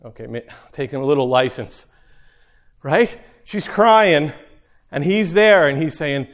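Guy preaching a sermon, pretty high voice, earnest, keeps asking the crowd questions, slows way down on the big lines. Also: lively intonation. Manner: earnest, asks listeners rhetorical questions.

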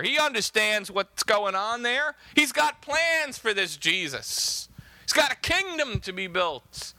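A man with a high, very bright voice preaches a sermon with emphasis. He reads scripture aloud in old-fashioned wording. The sound is dry and close. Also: very animated, slow pace, no room sound.

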